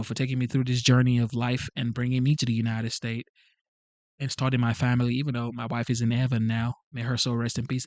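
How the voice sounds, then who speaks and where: A man's voice: medium pitch, no echo. Earnest immigrant man on a dry mic. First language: not English. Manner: earnest, pleading, repeats himself. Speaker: channel host reading live chat. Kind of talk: casual livestream talk.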